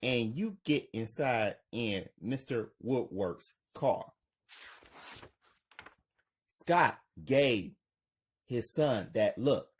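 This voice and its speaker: Slow, husky man reading a script. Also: medium pitch, animated. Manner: plain, unpolished reading. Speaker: channel host reading his drama script. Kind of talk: reading a drama script aloud with stage directions.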